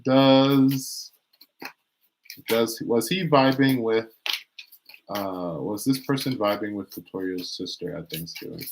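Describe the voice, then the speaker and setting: A man's voice: fairly low pitch, takes it slowly, long pauses, very noisy. A man giving a live-streamed tarot reading in a casual, rambling way, restarting and repeating phrases as he talks. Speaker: tarot reader.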